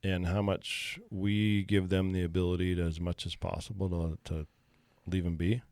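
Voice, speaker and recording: A man, a wildlife biologist, answering questions in a podcast interview in a measured, thoughtful way with some halting pauses. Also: low-pitched, level tone, a little mellow.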